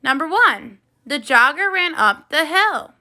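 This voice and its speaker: Slow, bright-voiced woman teaching first grade. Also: sits high, expressive. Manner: slow, clear, encouraging classroom delivery. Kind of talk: video phonics lesson for children.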